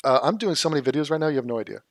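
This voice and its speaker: A man's voice: fairly high pitch, lively intonation, racing, no room sound, studio quality. A man hosting a reaction commentary, ranting in a sarcastic, mocking and exasperated way. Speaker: political commentary host. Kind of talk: reaction commentary on a debate clip.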